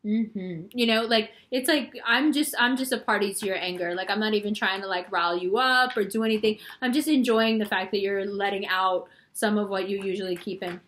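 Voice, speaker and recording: A woman's voice: medium pitch, fairly quick, few pauses, a bit bright. Chatty woman giving a tarot reading. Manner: chatty and rambling, heavy use of "like"; playful, teasing. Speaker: tarot reader. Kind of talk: casual astrology reading.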